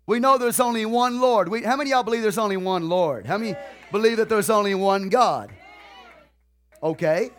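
A man preaching a sermon, repeating key phrases in a drawn-out, deliberate way and putting questions to the congregation. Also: sits high, faint music behind.

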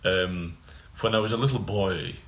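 Man, low voice, storytelling. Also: fairly bright tone. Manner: storytelling, halting restarts. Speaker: writer guest. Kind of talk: casual chat. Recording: roomy with faint ambient noise.

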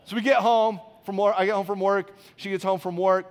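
A man's voice: sits high, steady tone, fairly quick. A man in his thirties preaching a sermon, telling a personal story in a conversational way and often checking in with the congregation with "okay?". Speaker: pastor. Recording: long hall reverb.

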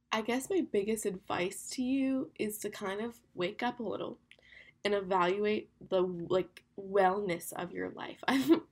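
A young woman talks on her solo podcast in a relaxed, confessional way, stringing thoughts together with plenty of "like." Her voice sits in a middle pitch with a gravelly fry and a slightly husky edge. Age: young adult. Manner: chatty, candid, fast with lots of "like". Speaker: podcast host. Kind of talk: casual solo podcast talk.

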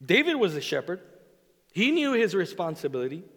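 A man preaching a sermon as a pastor, speaking in an animated way and acting out the voices he quotes. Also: high voice, fairly quick. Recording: long reverb of a large hall.

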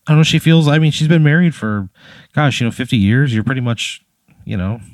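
A man's voice: medium pitch, lively intonation, a little fast, no room sound. A man casually telling an improvised story in a loose, conversational way. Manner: loose, conversational, lots of fillers. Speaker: podcast host posing a hypothetical.

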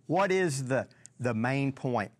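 Slow, halting man teaching the Bible. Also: medium pitch, expressive. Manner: halting, repeats words, asks the audience questions.

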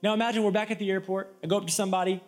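A male pastor from Florida preaching an energetic, emphatic sermon to a live church audience, with storytelling asides. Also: high voice, racing, faint music behind. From Florida, USA.

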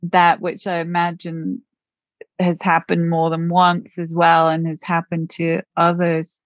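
Slow, low-voiced woman interviewer. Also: monotone, dry recording, dull audio. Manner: gentle, affirming. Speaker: interviewer, host. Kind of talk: conversational interview.

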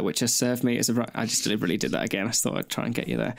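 A man co-hosting a casual podcast, reading out listener emails with deadpan, mock-serious delivery. His pitch sits in an ordinary middle range. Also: rapid-fire, vocal fry, few pauses. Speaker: podcast co-host.

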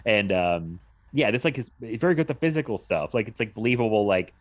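Low-voiced chatty man rambling about movies. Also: expressive, a little fast. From United States. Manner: rambling, chatty, laughs often. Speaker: podcast co-host. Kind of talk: casual chat about movies.

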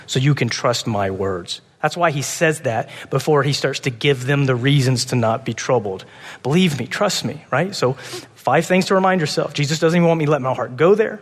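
A man preaching a sermon with passion, swinging between urgent, loud pleading and soft, hushed moments. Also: medium pitch, animated, normal speed, big-room sound. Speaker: pastor.

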